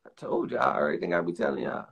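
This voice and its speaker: The recording is muffled, and the young male streamer's voice is low and creaky, fairly bright in tone, with fairly even intonation. He rants casually and profanely with lots of emphasis, quickly putting on voices to act out what others said.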